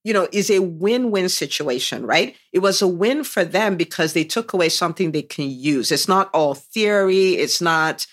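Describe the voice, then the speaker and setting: A woman's voice: fairly low pitch, expressive, normal speed, hardly any pauses. A woman hosting a business podcast, enthusiastically unpacking and praising her guest's story in an interview chat. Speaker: podcast host and business coach.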